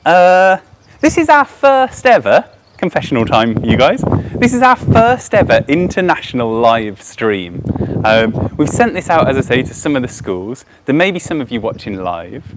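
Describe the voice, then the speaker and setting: A man's voice: medium pitch, big pitch swings, normal speed. Upbeat Brummie man presenting outdoors. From Birmingham, England. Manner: chatty and upbeat, with frequent ums and uhs. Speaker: aquarium educator presenting a live stream. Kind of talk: outdoor educational live stream. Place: outdoors by a car park. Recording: noisy outdoor phone stream.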